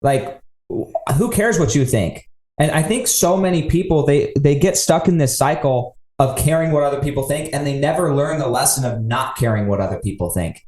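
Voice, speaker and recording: Reflective podcast host in a roomy space. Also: male voice, a little high, fairly quick, few pauses, a little mellow. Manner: reflective, draws lessons from guest's story. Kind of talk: casual interview chat. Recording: roomy echo.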